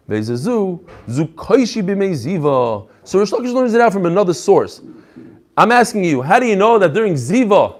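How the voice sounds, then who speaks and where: Male rabbi, fairly high voice, lively lecturing style, mixes English with Hebrew and Aramaic terms. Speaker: rabbi teaching a daily Talmud class. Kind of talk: lively Talmud lecture to a live group.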